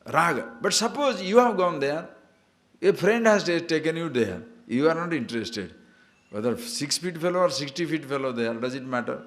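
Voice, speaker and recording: A man's voice: a little high, moderate pace. A man giving a spiritual discourse, telling stories and laughing at them, asking listeners to see and understand. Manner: animated, laughs at his own stories. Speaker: spiritual teacher.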